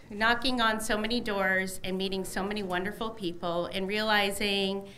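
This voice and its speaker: A woman's voice: medium pitch, a bit bright, slight background noise. A middle-aged woman, a newly elected candidate, gives an emotional, effusive election night victory speech at a headquarters party, thanking many people.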